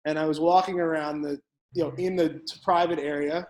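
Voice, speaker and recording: A man chatting in casual conversation and telling a quick story, laughing at his own punchlines. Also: on the high side, steady tone, a little mellow, a little hiss or hum, low-quality recording. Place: local pub.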